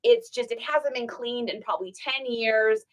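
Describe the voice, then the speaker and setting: A woman's voice: on the high side, normal speed, poor audio. Chatty woman telling a story to viewers. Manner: chatty, animated, acts out quoted voices. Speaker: reseller livestream host. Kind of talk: casual storytelling to livestream viewers. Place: home.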